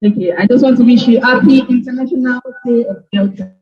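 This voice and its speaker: A woman's voice: a little high, a little fast, faint music behind. A young woman, a student giving a friendly, informal talk in an online session. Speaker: guest speaker, computer science student. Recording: echoey distant lo-fi call audio.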